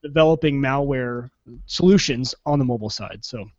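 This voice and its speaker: A man co-hosting a casual tech podcast, quick and agreeable. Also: medium pitch, darkish tone, no room sound. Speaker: new podcast co-host. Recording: dry lo-fi podcast mic.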